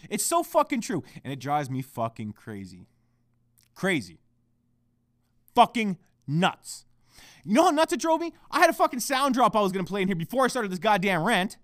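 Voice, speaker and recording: A man's voice: high voice, huge pitch swings, moderate pace, long pauses, fairly bright tone, dry recording, clean studio sound. A man hosting his own podcast, ranting heatedly and swearing constantly, recorded at home on a microphone. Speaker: podcast host. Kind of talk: solo podcast rant. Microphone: microphone at a laptop.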